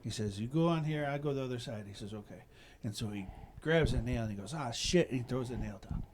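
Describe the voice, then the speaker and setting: A man's voice: medium pitch, fast, a little mellow, slight background noise. A middle-aged man with a Chicago accent hosting a casual podcast chat, telling long rambling stories and checking in with "you know what I mean". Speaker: podcast host.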